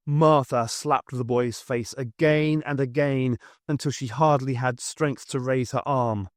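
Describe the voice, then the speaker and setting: A man narrating an unofficial audiobook in an expressive storytelling manner. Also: mid-range voice, measured pace, few pauses, no room sound, studio quality. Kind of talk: scripted narration.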